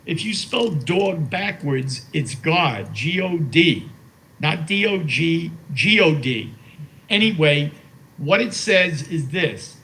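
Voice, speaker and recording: A man's voice: a little high, lively intonation, slow pace, sharp tone, slight background noise, rough recording. A man in his eighties, a guest in an interview, telling stories in a rambling, heartfelt way and often repeating himself with "you know". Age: 80s. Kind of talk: heartfelt conversational storytelling.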